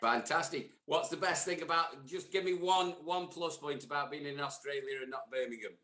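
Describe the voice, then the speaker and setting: A male podcast host with a bright, ringing voice, trading jokey banter with the people he meets. He sits a little higher than most men, and his voice bounces around an echoey hall. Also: moderate pace. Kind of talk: casual on-the-floor interviews.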